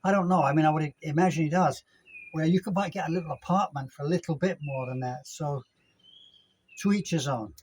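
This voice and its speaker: A man's voice: fairly high pitch, brisk, a little mellow, husky, rough recording. An older man chatting casually to his phone camera outdoors, rambling and correcting himself as he goes. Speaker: vlogger. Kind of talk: casual vlog chat. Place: outdoors at a gated apartment complex in Mexico. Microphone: handheld phone camera.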